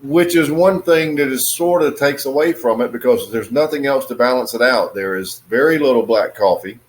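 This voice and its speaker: A man casually reviewing a cigar on his video channel, in a relaxed, musing way with many fillers. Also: medium pitch, normal speed.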